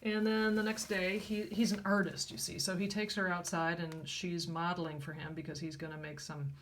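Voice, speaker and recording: An older woman casually retelling an old comic story in a wry, halting way, with many fillers. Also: fairly low pitch, little pitch movement, slight background noise. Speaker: comic book reviewer.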